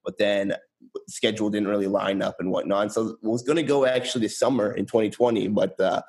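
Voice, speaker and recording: Young male interview guest, from East Tennessee, Bengali first language, lowish voice, relaxed and hesitant. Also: fairly quick. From rural East Tennessee, USA. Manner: relaxed, hesitant, many fillers and restarts. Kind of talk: casual conversational interview.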